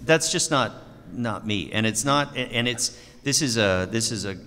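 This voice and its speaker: Lively self-deprecating man in echoey hall. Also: mid-range voice, unhurried. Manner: self-deprecating, laughs often, acts out quoted remarks. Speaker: voice actor panel guest. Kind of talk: convention panel Q&A. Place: large convention hall.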